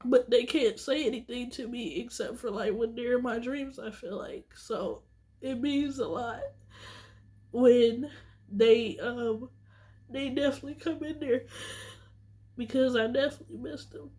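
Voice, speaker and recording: A woman's voice: on the high side, unhurried, dark tone. A woman vlogger talking straight to her viewers in a casual monologue, earnest and teary, repeating herself for emphasis.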